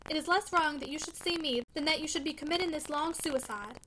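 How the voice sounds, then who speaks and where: A man's voice: very high voice, brisk, sharp tone, slight background noise, poor audio. A woman voicing a brooding, sensitive young man who argues vehemently in a storybook reading. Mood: pleading. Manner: vehement, pleading.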